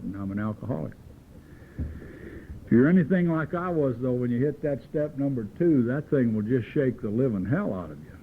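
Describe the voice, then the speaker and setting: A man giving a folksy, joking talk from the podium at a recovery meeting, telling stories in an earthy way. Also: mid-range voice. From Southern California. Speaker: AA meeting speaker. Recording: old phone-like tape with faint hiss.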